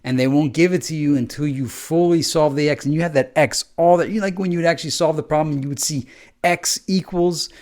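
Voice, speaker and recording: A man's voice: a little high, fairly quick, a little mellow. A man hosting a podcast, talking in a rambling, conversational monologue and acting out quoted exchanges. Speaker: podcast host. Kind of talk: casual monologue.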